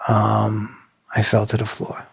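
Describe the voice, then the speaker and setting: Brief: podcast guest, middle-aged man from New England, low gravelly voice, blunt and emotional storyteller. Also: monotone, slow. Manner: blunt, swears freely, emotional retelling. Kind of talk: candid conversational storytelling.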